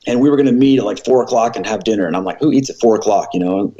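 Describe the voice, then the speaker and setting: A man in his forties, a former pastor and podcast guest, telling his conversion story in an earnest, animated way with quoted dialogue. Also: lowish voice, racing, highs cut off, slight background noise. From American Midwest.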